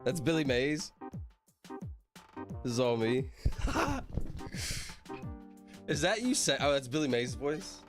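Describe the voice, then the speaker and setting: Brief: male streamer, animated pitch, chatty and apologetic, faint music underneath. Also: takes it slowly, long pauses. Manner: rambling, laughs often, apologizes repeatedly. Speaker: livestreamer. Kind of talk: casual livestream chat. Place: at his computer streaming.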